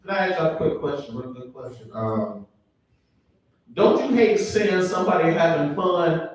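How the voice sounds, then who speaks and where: A young man performing a stand-up comedy set, chatty and relaxed, with ums and asides to the audience. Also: a little high, moderate pace. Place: live comedy show in a venue. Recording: distant, very echoey room mic with faint noise.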